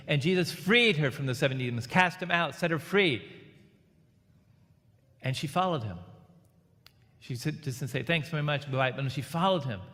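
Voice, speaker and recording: A man's voice: mid-range voice, a bit bright. A man giving an Easter homily as a Catholic priest, preaching in a plain conversational way and leading the congregation in call and response. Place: large church. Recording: church hall reverb.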